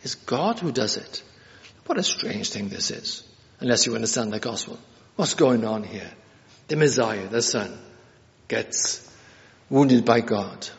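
Earnest preacher, long hall reverb. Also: male voice, medium pitch, expressive, unhurried, pauses often, dull audio. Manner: earnest, repeats key phrases for emphasis; frequent filler hesitations. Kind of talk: expository sermon.

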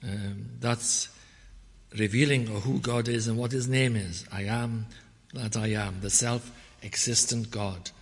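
A man preaching a measured expository sermon, quoting scripture in old English wording. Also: fairly low pitch, steady tone. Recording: long reverb of a church hall.

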